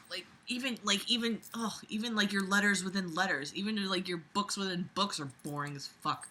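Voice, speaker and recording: A woman's voice: mid-range voice, a little fast, hardly any pauses, sharp tone. A woman reading a fan story aloud and breaking off with sarcastic, swear-filled commentary. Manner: sarcastic, swears often, exasperated. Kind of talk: mocking read-aloud commentary.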